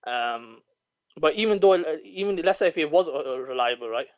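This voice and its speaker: A man calling in to a debate, calm and methodical, citing scholars with frequent hesitations. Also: on the high side, a little fast, lo-fi sound. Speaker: caller. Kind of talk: measured debate with scholarly citations.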